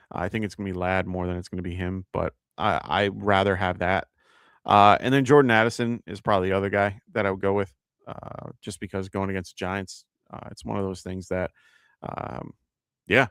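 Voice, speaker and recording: A man's voice: on the low side, vocal fry, clear, resonant tone, no room sound, clean studio sound. A man with a New York accent hosting a live fantasy football show, chatting casually, thinking aloud with fillers and reading out viewer questions. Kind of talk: live-stream fantasy advice chat.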